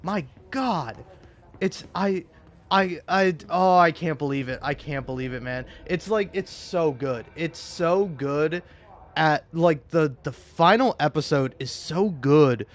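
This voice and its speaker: A man's voice: on the high side, unhurried. Rambling, emotional male vlogger. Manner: rambling and emotional, many restarts, swears. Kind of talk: casual opinion monologue.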